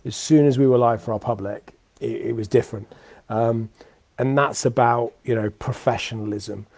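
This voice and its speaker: A man's voice: mid-range voice, steady tone, moderate pace, darkish tone, dry recording. A young British man hosting his weekly live talk show, chatting off the cuff in a rambling way with lots of ums and restarts. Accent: British English. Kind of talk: unscripted casual monologue. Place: at home with dogs.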